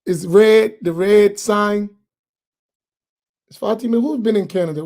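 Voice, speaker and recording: A man's voice: high-pitched, measured pace. A man, an imam giving a casual, joke-filled talk after dawn prayer. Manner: animated storyteller, laughs often, colloquial.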